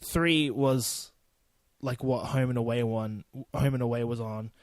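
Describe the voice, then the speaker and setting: A man's voice: medium pitch, unhurried, no echo. A young man in his twenties with a New Zealand accent, hosting a casual solo podcast in a loose, profane, rambling way. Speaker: podcast host.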